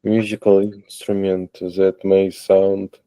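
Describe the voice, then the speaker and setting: A man studying English in a one-on-one lesson, hesitantly naming single words after long pauses. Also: low voice, monotone, warm tone, no room sound. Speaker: student. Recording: dull, dry lo-fi sound.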